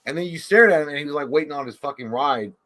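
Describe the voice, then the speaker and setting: Bright-voiced, excitable rambling man. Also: fairly high pitch, very fast. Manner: excitable rambling with crude slang. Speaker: podcast co-host. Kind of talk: casual livestream chat.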